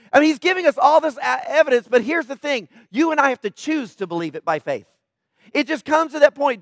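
A man's voice: very high voice, a bit bright, dry recording, studio quality. A middle-aged man preaching a sermon in an emphatic, conversational way, often asking questions.

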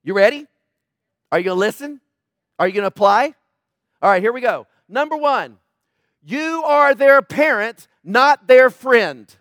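A man's voice: extremely high pitch, expressive, a little slow, pauses often, fairly bright tone, no echo, clean studio sound. A middle-aged male pastor preaching a sermon, emphatic, repeating key points and calling on the audience to answer back.

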